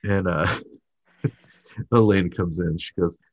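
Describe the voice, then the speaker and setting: A man's voice: deep voice, takes it slowly, breathy edge, no echo, muffled recording. A man casually retelling a sitcom episode, acting out the lines and laughing often. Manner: animated, laughs often, many fillers. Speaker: podcast host recapping an episode. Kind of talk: casual retelling with acted quotes.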